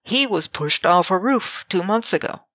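A woman's voice: medium pitch, animated, a little slow, bright, forceful tone, no room sound, voice pushed up. A woman voicing a blunt, unflustered male crime-guild chief who speaks wryly and matter-of-factly, in a slightly dull audiobook recording. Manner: wry and matter-of-fact.

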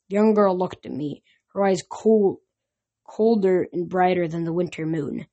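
A woman's voice: fairly low pitch, a little slow, dark tone. A woman reading a novel aloud for her podcast, with occasional slips and restarts. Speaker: podcast reader.

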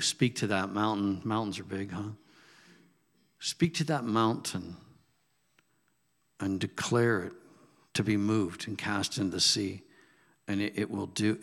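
Male preacher, bright voice, animated storyteller who gets loud on emphasis. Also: on the low side, gravelly. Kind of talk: sermon.

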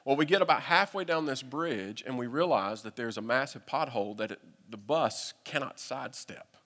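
A man with a Southern US accent, a pastor telling a humorous, animated story during a sermon. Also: mid-range voice, moderate pace. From United States. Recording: long reverb from a hall.

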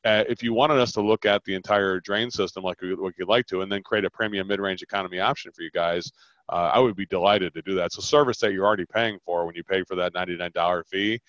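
A fast-talking man with a low voice coaching on a podcast. He is animated and acts out customer lines as he goes. The sound is dry and a little dull. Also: no room sound. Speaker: sales coach. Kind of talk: podcast coaching, role-playing sales talks.

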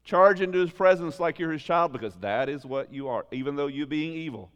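A male pastor preaching an animated sermon, full of rhetorical questions, swinging between loud emphasis and quiet asides. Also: fairly high pitch, a little fast, clean tone, long reverb tail.

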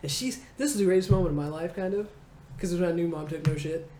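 A comedian in her forties tells a childhood story in an interview, lively and laughing, acting out the people in it. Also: on the low side, quick pace. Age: 40s. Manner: animated, acting out voices, laughing. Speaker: comedian guest. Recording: roomy echo, faint noise.

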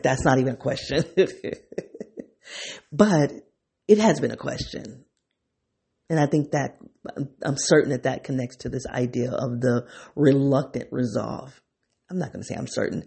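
A man hosting a podcast, thinking aloud in an unscripted, reflective monologue that is excitable and keeps circling back on itself. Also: mid-range voice, creaky, husky. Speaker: podcast host.

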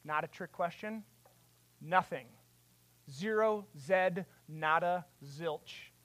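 A preacher delivering a sermon with passion, asking rhetorical questions and building to loud, emphatic peaks. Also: mid-range voice, slow pace, dry recording.

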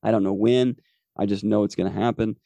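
A man's voice: on the low side, steady tone, a little fast, creaky, warm tone, no echo. A man in his forties, a podcast host telling a personal faith testimony in an earnest, rambling way with many fillers. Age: 40s.

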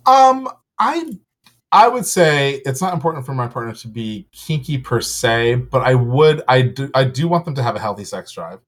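A man's voice: medium pitch, moderate pace. Chatty man laughing through candid talk. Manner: chatty, laughs often, stammers when excited. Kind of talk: candid casual chat.

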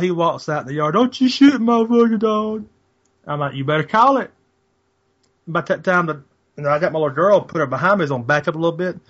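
A man's voice: a little high, sharp tone, highs cut off. A man telling a rambling, profane story over a call, in a casual, laid-back way. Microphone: call audio.

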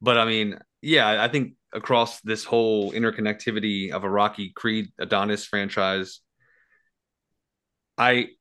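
A man's voice: on the low side, fairly even intonation, unhurried, pushed and bright. A man on a podcast, musing loosely about film franchises with many fillers. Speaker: podcast co-host. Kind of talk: casual film discussion.

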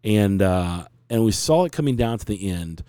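A man's voice: fairly low pitch, animated, moderate pace, dark tone, clean tone, dry recording, clean studio sound. A man in his forties, hosting a podcast and earnestly telling a long, rambling personal story in casual conversation.

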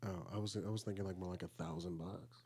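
A man's voice: deep voice, fairly even intonation, fast, dark tone, slight background noise. A man hosting a podcast, chatting casually and teasing his guest with joking, prodding questions. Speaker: podcast host. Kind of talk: casual interview chat.

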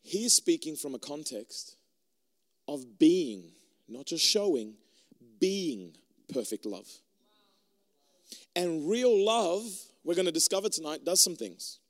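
A man preaching a sermon to a room of people, animated and joking, and talking in a loose conversational way. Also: a little high, takes it slowly, long pauses, big-room sound. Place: room with an audience.

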